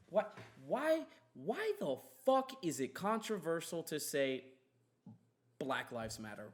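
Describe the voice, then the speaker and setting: A man's voice: fairly high pitch, very animated, a little slow, a bit bright. A young man hosting a podcast, telling a story in a heated, emphatic way and swearing often. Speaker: podcast host. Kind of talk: casual storytelling chat.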